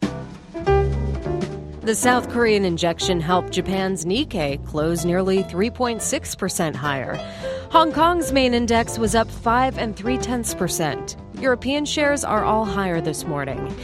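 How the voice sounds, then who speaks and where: A woman hosting a morning business news radio show, reading the headlines in a brisk, conversational way with wry asides. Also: mid-range voice, sing-song, over music. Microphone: studio microphone.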